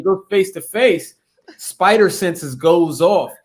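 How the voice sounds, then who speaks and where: A man's voice: high-pitched, slow pace. A man co-hosting a podcast, telling an improvised comedic story in a rambling, profane way with many repeated words. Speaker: podcast co-host.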